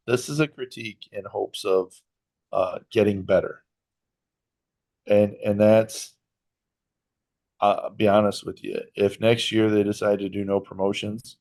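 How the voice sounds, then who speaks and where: A man co-hosting a casual sports podcast, talking in a measured, earnest way and stressing his points with care. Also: on the low side, darkish tone. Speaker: podcast co-host.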